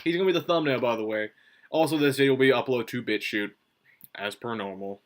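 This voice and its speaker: This is a man with a sharp, bright tone, chatting through a review on his own. He rambles, swears freely and keeps restarting his sentences with fillers. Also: medium pitch, fast talker. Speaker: manga reviewer. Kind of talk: casual solo review commentary.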